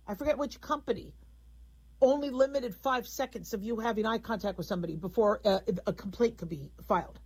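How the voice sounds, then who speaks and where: This is a middle-aged woman hosting a radio call-in show. Her voice is breathy and husky and sits a little high. She talks frankly in a loose, rambling, conversational way. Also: brisk, a little mellow, poor audio. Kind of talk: talk radio monologue.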